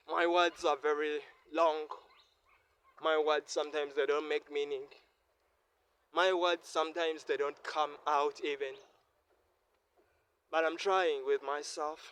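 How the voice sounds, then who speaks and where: Earnest Ugandan man, raised pitch. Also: steady tone, a little slow, long pauses, a bit bright. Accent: Ugandan English. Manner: earnest, repetitive, heartfelt. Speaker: vlogger. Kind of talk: reflective vlog monologue. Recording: faint ambient noise.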